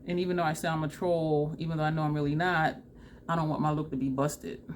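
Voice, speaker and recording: A woman vlogger chatting excitedly and laughing often as she talks viewers through a makeup tutorial. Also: low-pitched, quick pace, slight background noise. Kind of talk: casual makeup tutorial chat.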